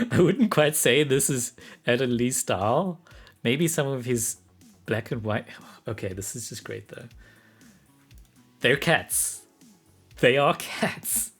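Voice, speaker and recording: A man streaming live as an artist, thinking aloud in casual commentary, getting excited and laughing often. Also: medium pitch, slightly rough.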